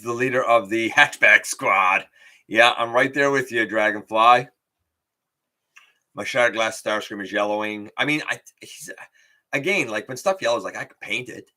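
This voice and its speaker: A man hosting a casual live stream, bluntly speaking his mind. His voice sits on the low side but has a bright, forceful edge, and he thinks aloud with plenty of ums and asides. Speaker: toy review channel host.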